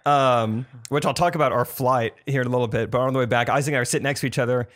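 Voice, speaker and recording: A man co-hosting a podcast, telling stories in a casual, animated way and teasing his friends. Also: mid-range voice, rapid-fire. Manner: animated storyteller, acts out quotes, teasing. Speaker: podcast co-host. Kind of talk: casual chat. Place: podcast studio.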